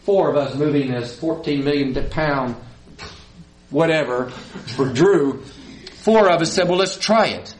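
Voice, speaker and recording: Preaching at a measured pace with long pauses, a man with a slightly high voice reads scripture and gets the congregation to say lines back. He adds folksy asides, and the rough recording carries a bit of hiss or hum.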